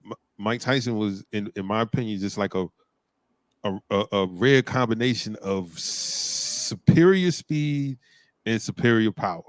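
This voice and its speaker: A man with a fairly low voice talks in relaxed chat. He stops and starts, repeating words while he works out what to say. The sound is dry and close. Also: measured pace, no room sound. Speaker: podcast co-host. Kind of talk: casual chat about boxing.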